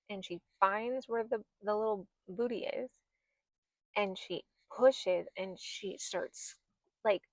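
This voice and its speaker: A woman in her thirties with a creaky, mid-range voice hosts a podcast, recorded muffled and without room sound. She tells a personal story candidly and emotionally, re-enacting things she once said.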